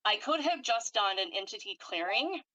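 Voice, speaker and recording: Bright-voiced woman leading a clearing session. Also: mid-range voice, normal speed, no room sound, lo-fi sound. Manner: calm, steady, instructive, recites long lists of commands. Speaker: energy worker and channeler. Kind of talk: guided energy-clearing session.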